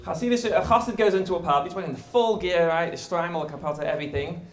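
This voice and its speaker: Speaking quickly in a high voice, a man lectures as a guest rabbi in an echoey room. His talk is conversational, with lively explanations and wry humor.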